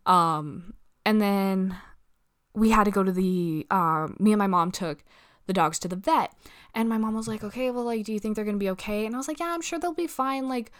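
A young woman rambling through a storytime vlog, filling every pause with "like" and tossing in swear words. Her voice sits at an ordinary middle pitch for a woman. She jumps into quick impressions of the people in her story. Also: smooth. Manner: rambling, peppered with "like" and swearing, acts out quoted people. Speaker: vlogger. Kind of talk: casual storytime chat.

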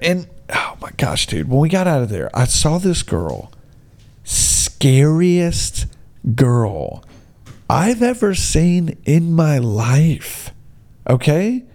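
A man telling a story as a casual rant, blunt and excitable, often calling the listener "dude". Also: mid-range voice.

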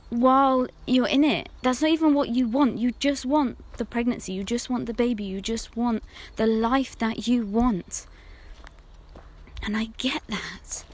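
A woman talks through a reflective monologue in an unhurried, deliberate way, with pauses between her phrases. Her voice sits a little high, and she often drops to a near whisper to sound intimate. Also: darkish tone. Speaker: podcast host.

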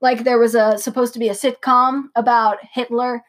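A woman's voice: on the high side, level tone, normal speed. A young woman co-hosting a late-night podcast, rambling casually with lots of fillers and restarts. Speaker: podcast co-host.

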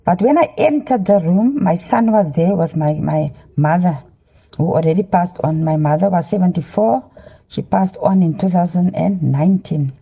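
Middle-aged woman, phone selfie in a car, earnest halting testimony, dark husky tone. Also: fairly low pitch. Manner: halting, many ums, preachy urging. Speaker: Christian dream sharer. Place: inside a car. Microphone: handheld phone.

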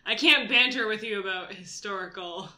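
A woman's voice: mid-range voice, moderate pace, sharp tone. A young woman co-hosting a casual podcast, dry, teasing and unbothered. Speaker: podcast co-host. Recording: roomy echo.

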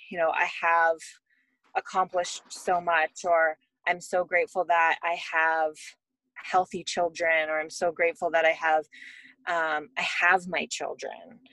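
A woman's voice: on the low side, little pitch movement, unhurried, a bit bright, dry recording, low-quality recording. A woman in her thirties, a mother and podcast guest, talking in a reflective, storytelling way. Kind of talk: casual podcast conversation.

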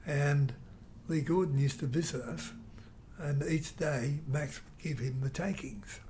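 An older man telling a rambling, animated story in an interview. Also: fairly high pitch, unhurried, a little hiss or hum. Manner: rambling, animated storyteller who mimics guitar sounds. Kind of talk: reminiscing anecdote.

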